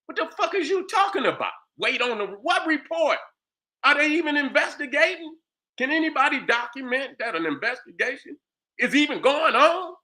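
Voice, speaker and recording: High, bright-voiced man ranting angrily. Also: sing-song, moderate pace. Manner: angry, profane, rhetorical questions; repeats "you understand what I'm saying". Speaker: host commentator. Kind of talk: heated commentary rant.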